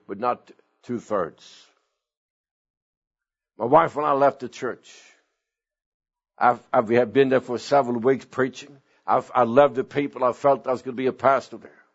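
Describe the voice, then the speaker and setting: A middle-aged or older man preaching a sermon as pastor, earnest, with sudden swings in pitch and slow emphatic phrases. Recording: dull lo-fi sound.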